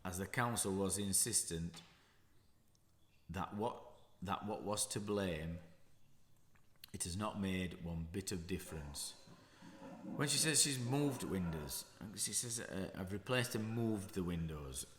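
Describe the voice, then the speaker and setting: Slow, deep-voiced man reading news aloud. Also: slight background noise. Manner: unhurried, musing asides with self-corrections. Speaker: damp and mould specialist. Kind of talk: reading and commenting on a news story. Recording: roomy echo.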